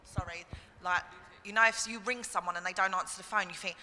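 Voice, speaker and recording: Quick-talking woman, distant in a hall. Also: lowish voice, steady tone, bright, forceful tone, slight background noise. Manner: fast, chatty, filler-heavy. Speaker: seminar participant. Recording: distant in a reverberant hall with faint ambience.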